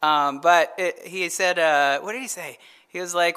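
Male pastor with a high voice, easygoing midweek sermon, keeps checking in with the room. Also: measured pace, pushed and bright, clear, resonant tone. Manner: conversational, asks the audience rhetorical questions; chuckles while telling stories. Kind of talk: midweek Bible-study sermon.

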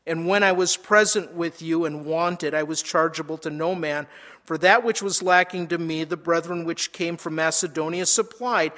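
A man's voice: high-pitched, fairly bright tone. A man preaching a sermon, reading scripture verses aloud and explaining them, with frequent small repetitions. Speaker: pastor.

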